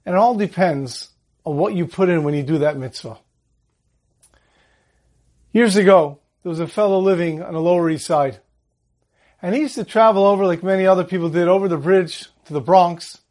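A man giving a holiday Torah talk, telling a story in a calm way and slowing down on the Hebrew verses. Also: sits high.

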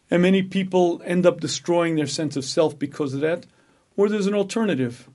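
A rabbi giving a Torah lecture, speaking emphatically, asking rhetorical questions and repeating phrases for effect. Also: male voice, sits high, moderate pace, darkish tone. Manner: acts out an inner voice in dialogue.

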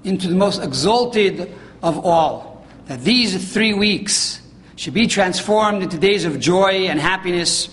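A man giving a sermon, telling a story emphatically and rising in pitch on quoted questions. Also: lively intonation, takes it slowly, a bit bright, a little hiss or hum. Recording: hall reverb, faint ambience.

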